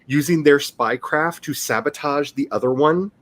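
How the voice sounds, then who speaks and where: A man's voice: fairly high pitch, normal speed, fairly bright tone. A man, chatting casually and rambling on a livestream. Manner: rambling and chatty, laughing often. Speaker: author and streamer.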